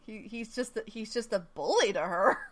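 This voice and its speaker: A woman's voice: mid-range voice, animated, normal speed. A woman co-hosting a casual podcast, wry and blunt, swearing freely and laughing often. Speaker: podcast co-host. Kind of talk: casual chat.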